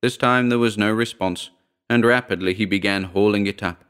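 A man narrating a short story in a steady, measured reading. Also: fairly low pitch, clear, resonant tone.

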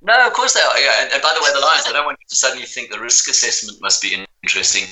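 A man from South Africa telling a story in an archived interview, animated and chuckling. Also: mid-range voice, racing, poor audio. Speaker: guest runner.

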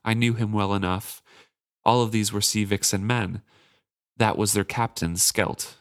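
A man reading aloud as a shaken, guarded young woman who speaks quietly and in a measured way. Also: fairly low pitch, steady tone, no room sound, clean studio sound, natural voice.

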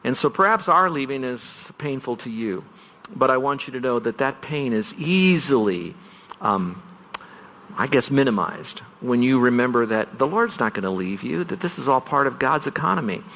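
An earnest male pastor preaching a farewell sermon in a middle-pitched voice. He talks at an unhurried pace and leans hard on key words. The sound carries a long church-hall reverb. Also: lively intonation, creaky, a bit bright. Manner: earnest, builds to emphatic bursts.

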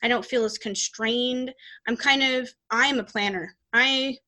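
A woman's voice: fairly high pitch, unhurried, bright, forceful tone. A woman hosting a podcast, chatting casually about her life and her readings in a rambling way with many restarts. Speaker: podcast host and psychic reader.

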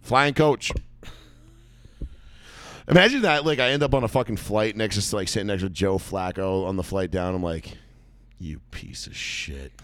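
A man's voice: on the low side, normal speed, long pauses, fairly bright tone, clear, resonant tone, no room sound. A man hosting a sports podcast, joking around in casual, profane banter with his co-host.

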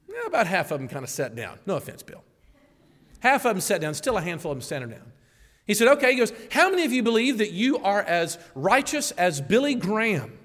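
A man preaching a sermon as a pastor, animated, acting out the voices he quotes and laughing at himself. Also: sits high. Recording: long hall reverb.

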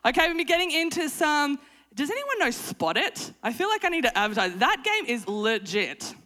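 A conference speaker in her thirties, moving at a moderate pace, interweaves prayer and humorous family anecdotes from the stage of a conference hall. For emphasis her voice soars to an animated, exclaiming high; in prayer it drops soft and low.

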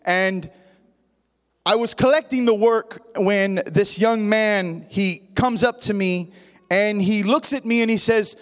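A man's voice: high voice, slow, clear, resonant tone, big-room sound. A man preaching a sermon, praying and telling a story, rising at times into a sing-song preaching cadence. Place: church sanctuary.

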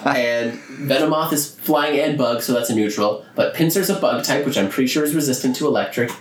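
A man casually retelling a cartoon movie's plot, excited and jokey, with playful mock voices. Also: medium pitch, a little fast, distant mic, background noise. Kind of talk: casual movie recap chat. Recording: roomy echo.

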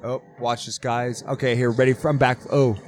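A man co-hosting a podcast, chatting casually and swearing while playing a video game, excitedly hyping up his teammate. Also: medium pitch, normal speed. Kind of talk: casual gaming chat.

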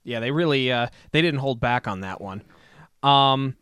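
A man casually discussing a movie as a podcast co-host, chatty and animated with frequent fillers. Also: medium pitch, normal speed, smooth, dry recording, studio quality.

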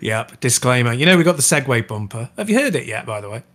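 A man's voice: mid-range voice, big pitch swings, fast talker, fairly bright tone. Easygoing man chatting on a podcast. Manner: easygoing, laughs often. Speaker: podcast co-host. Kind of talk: casual podcast chat.

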